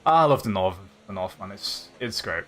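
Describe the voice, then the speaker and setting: A young Yorkshireman with a light Yorkshire accent hosts a live stream, his low voice swinging widely in pitch at a normal speed with a fairly bright tone. He chats casually, reads the chat aloud, and laughs often as he rambles.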